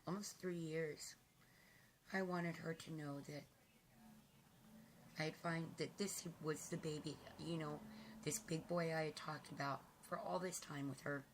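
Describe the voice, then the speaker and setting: A woman talking to her viewers in a casual vlog, emotional and halting, with frequent ums, tearful at times. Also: sits low, steady tone, slight background noise. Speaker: vlogger.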